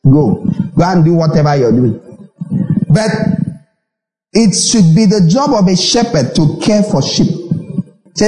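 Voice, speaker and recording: A Nigerian man whose voice sits high preaches a little slowly, pausing often over soft background music. Animated, he repeats phrases and performs short dialogues, and the echoey church hall adds heavy reverb.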